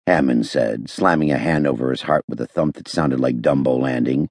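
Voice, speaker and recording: A man's voice: very deep voice, a little fast, darkish tone, breathy edge, dry recording. A man narrating a first-person detective audiobook with wry, dry humor. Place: recording studio.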